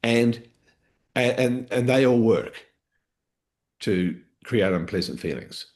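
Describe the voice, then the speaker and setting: A man's voice: mid-range voice, animated, slow. A man coaching a live training session, explaining step by step, restarting phrases and checking in with "okay?".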